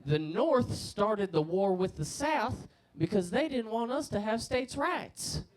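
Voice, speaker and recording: A man's voice: high-pitched, expressive, takes it slowly, pitched above the performer's own voice. A man putting on a stubborn, condescending Southern woman history teacher. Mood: dismissive.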